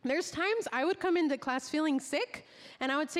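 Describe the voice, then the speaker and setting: A woman, a teacher, telling a personal testimony in a casual, animated storytelling way, acting out the dialogue she quotes. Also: sits high, fairly quick, big-room sound.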